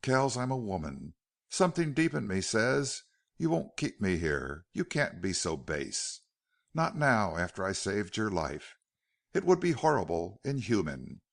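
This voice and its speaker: A man's voice: lowish voice, very animated, unhurried, vocal fry, heavily acted. A male narrator voicing a defiant, frightened young woman held captive, speaking earnestly in an audiobook. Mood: pleading.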